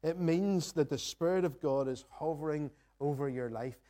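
A man's voice: a little high, normal speed, warm tone. A man preaching a sermon in church, earnest and reflective, reading scripture and posing questions to the congregation. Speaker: pastor. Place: church sanctuary.

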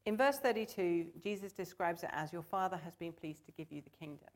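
A woman's voice: on the low side, fairly quick. A woman preaching a sermon in church, earnest and conversational, asking the congregation to join in.

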